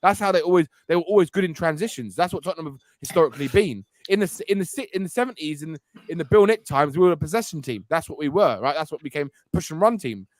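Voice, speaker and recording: A man's voice: a little high, lively intonation, quick pace, few pauses, no room sound. A man arguing insistently in a football podcast chat, tagging points with "right?". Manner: insistent, keeps asking "right?". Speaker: podcast co-host. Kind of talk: heated casual banter.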